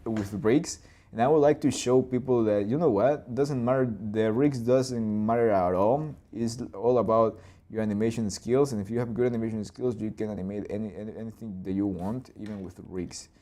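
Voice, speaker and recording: A man in his twenties or thirties hosting a live storyboarding session, talking loosely through his ideas, with restarts and boom and plop sound effects. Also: fairly quick, dark tone. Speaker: animator and channel host.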